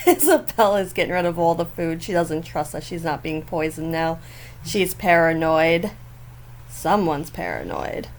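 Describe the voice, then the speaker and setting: A woman's voice: lowish voice, very animated, normal speed, a little hiss or hum. A woman hosting a gaming channel, giving chatty, giggly gameplay commentary. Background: faint neighbors outdoors.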